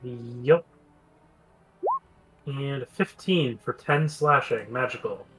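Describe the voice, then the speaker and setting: A man's voice: mid-range voice, takes it slowly, over music, low-quality recording. A man playing a tabletop game, calling out his rolls in a plain, matter-of-fact way. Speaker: player. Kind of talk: casual tabletop game chat.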